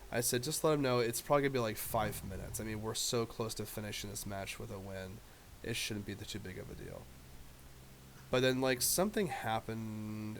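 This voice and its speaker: A man's voice: on the low side, vocal fry. Casual male streamer, loose and profane, telling a story with a faint hiss behind. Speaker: live streamer.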